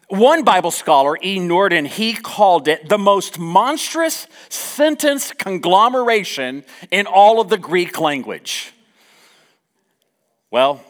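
A male pastor preaching a sermon, reading scripture aloud with lively, joking asides to his congregation. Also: on the high side.

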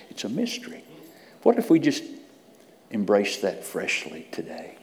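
A low-voiced man preaching a sermon. He drops to hushed whispers, then climbs to loud, emphatic peaks. His voice rings with a long reverb, as in a church sanctuary. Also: huge pitch swings, unhurried, pauses often.

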